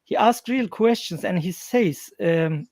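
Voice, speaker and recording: Host: halting man on a call, dry close sound with no room echo. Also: high voice, animated, darkish tone. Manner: halting, many fillers and restarts. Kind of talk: hosting a live online panel.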